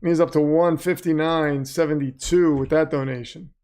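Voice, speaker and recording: A man's voice: on the high side, fairly even intonation, normal speed, a little mellow. A middle-aged man hosting a livestream, chatting casually, reading out donations and chat messages and calling game plays. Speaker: livestream host.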